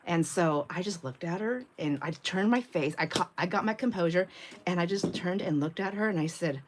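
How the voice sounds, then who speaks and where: A woman's voice: on the low side, moderate pace, noisy background. A middle-aged woman hosting a craft livestream who tells stories in a casual, chatty way, laughs often and acts out the quotes. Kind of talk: casual chat while crafting.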